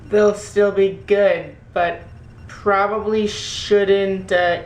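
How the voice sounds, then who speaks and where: A woman vlogging casually from her home kitchen, rambling and self-deprecating with plenty of fillers. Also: mid-range voice. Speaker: daily vlogger. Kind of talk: casual vlog chat. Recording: echoey room with faint noise.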